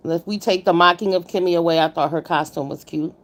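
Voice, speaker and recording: A woman's voice: lowish voice, steady tone, quick pace, a bit bright. A woman hosting a casual livestream, giving blunt commentary on a contest and greeting viewers by name. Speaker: livestream host reviewing a contest.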